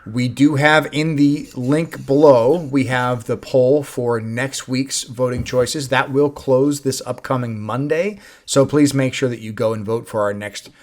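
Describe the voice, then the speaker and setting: A man's voice: mid-range voice, fairly even intonation, measured pace, hardly any pauses. A man hosting a casual movie review chat, recapping the plot with swearing and laughter. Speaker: movie review podcast host.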